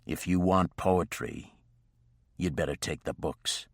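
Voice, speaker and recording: A gruff frontier husband who speaks in clipped, stern orders, read by a male narrator in his own very deep voice. The sound is dry and close, with no room around it. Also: slow, no room sound, exaggerated voice. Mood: curt. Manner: curt, clipped commands.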